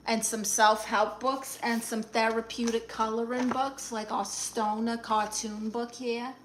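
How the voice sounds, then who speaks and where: A woman doing a brassy Brooklyn aunt with a thick New York accent, sassy and quick with a comeback. Her voice sits fairly high and bright, with a bold, forceful edge. She chats into a phone live stream like a self-appointed therapist. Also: a little hiss or hum. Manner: sassy, quick comebacks, reads chat aloud. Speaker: live streamer reading viewer comments. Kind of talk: comedic improvised live stream.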